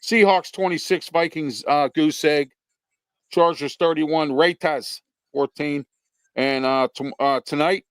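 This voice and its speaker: Guy hosting a football postgame stream, rambles, lots of uh and you know, slightly high voice, dry sound. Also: no echo. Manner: blunt, rambling, many fillers. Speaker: sports show host. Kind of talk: casual sports talk.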